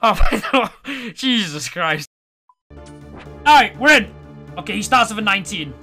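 Bright, lively male streamer, hyped and sweary live reactions, faint game music behind. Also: sits high, moderate pace. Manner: excitable, swears, talks to chat as "bro". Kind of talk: live gameplay commentary to chat.

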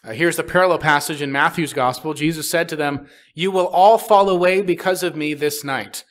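A man's voice: on the high side, brisk, fairly bright tone. A man preaching a sermon as a pastor, reading scripture and explaining it plainly with frequent "uh" fillers. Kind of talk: expository sermon. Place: church sanctuary.

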